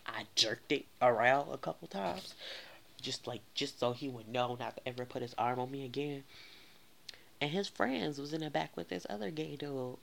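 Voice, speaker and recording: A man with a gravelly, creaky voice tells a story to his viewers in a casual monologue. He is animated and dramatic and turns often to the audience to speak to them directly. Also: mid-range voice. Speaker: storyteller vlogger.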